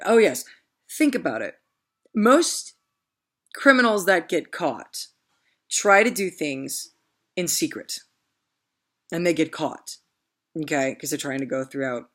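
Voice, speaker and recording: Emphatic voice, rambling rant, mid pitch, talks directly to viewers. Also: lively intonation, slow pace, pauses often, a bit bright. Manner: rambling and emphatic, often loses the thread; addresses viewers directly with repeated "okay?". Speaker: political commentator vlogger. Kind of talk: casual opinion rant.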